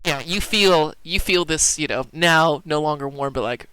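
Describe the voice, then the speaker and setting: Guy dm'ing a tabletop game, kinda high voice, dry close sound, lots of um and like. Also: moderate pace, sharp tone, smooth, dry recording. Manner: loose, filler-heavy descriptions. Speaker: dungeon master.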